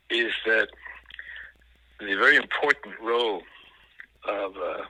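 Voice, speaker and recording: A man with a low, strikingly sharp and tense voice talks through a film in a relaxed, analytical way. He often pauses and restarts as he hunts for the right word. The sound is close and dry, with no room echo. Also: slightly rough. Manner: thoughtful, analytical, pauses to find words. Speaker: film critic guest. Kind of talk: casual film discussion.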